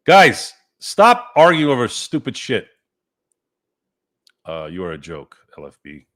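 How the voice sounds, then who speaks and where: A man's voice: medium pitch, huge pitch swings, a little slow, a bit bright. A man hosting a live-stream sports chat, ranting and cursing in a fired-up way. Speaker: sports podcast host.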